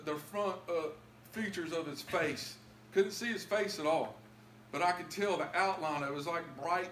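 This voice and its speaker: A man telling his own story as a testimony in a church, emotional and pleading at its high points. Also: fairly bright tone, roomy sound, a little hiss or hum. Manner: emotional, rising to pleading highs. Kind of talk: testimony sermon.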